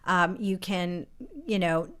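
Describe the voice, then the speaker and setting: A woman's voice: fairly low pitch, fairly even intonation, takes it slowly, a bit bright, smooth. A woman composer in a casual live-streamed chat, reflectively talking through how she wrote a song. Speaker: composer and co-artistic director. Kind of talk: casual conversation about songwriting.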